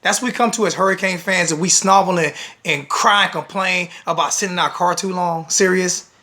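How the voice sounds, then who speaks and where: A man's voice: high voice, brisk, sharp tone. A man with a blunt, scolding manner, ranting to the camera as a sports fan vlogger.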